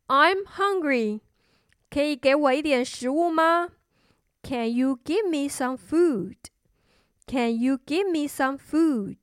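A woman narrating a children's storybook and teaching English words, clearly and slowly, repeating words for learners. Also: high-pitched, fairly bright tone, dry recording, clean studio sound. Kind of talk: bilingual children's story narration and vocabulary lesson.

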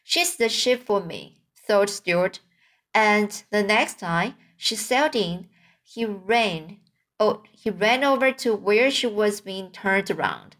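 A woman reads a children's novel aloud at a slow, careful pace. Her voice sits in a middle pitch, and now and then she stumbles and restarts a word. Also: fairly bright tone. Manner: slow, with small slips and restarts. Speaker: reader.

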